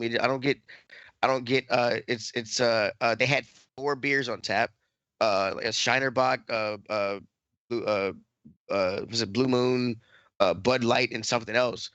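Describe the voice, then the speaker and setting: A man's voice: mid-range voice, moderate pace, a bit bright, no echo, dull audio. A man co-hosting a podcast, telling a story in casual chat with many restarts, repeats and swearing. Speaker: podcast co-host.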